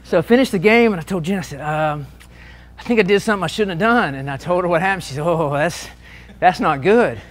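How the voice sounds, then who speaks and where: A man telling lively officiating stories to an audience at a meeting, acting out the shouted lines. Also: high voice, a little fast. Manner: animated anecdotes, shouting out quoted lines. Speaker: sports official and speaker. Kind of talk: storytelling talk to an audience.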